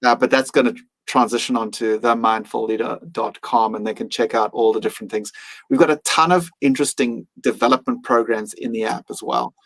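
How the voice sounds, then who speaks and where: A man's voice: medium pitch, fairly even intonation, fairly quick, fairly bright tone, poor audio. A man speaking as a podcast guest, reflective and earnest, sometimes acting out his own inner voice. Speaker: mindfulness teacher and guest.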